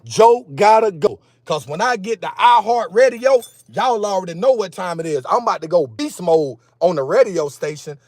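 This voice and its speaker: A man live-streaming from his car, talking excitedly and emphatically to his chat in slang. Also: sits high, normal speed, few pauses, no room sound. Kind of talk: casual live-stream rant. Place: in a car at a gas station.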